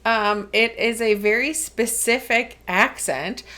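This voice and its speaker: A woman's voice: fairly high pitch, slow pace, sharp tone. A woman co-hosting a podcast, explaining a topic in casual chat with lots of ums and frequent laughter. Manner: chatty, laughs often, explains with many ums. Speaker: podcast co-host.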